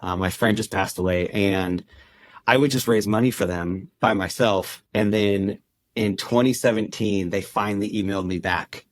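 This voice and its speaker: The endurance club founder, a podcast guest, shares a personal story in a conversational style and acts out quoted dialogue. His voice is on the low side, steady in tone, at a moderate pace, with no echo.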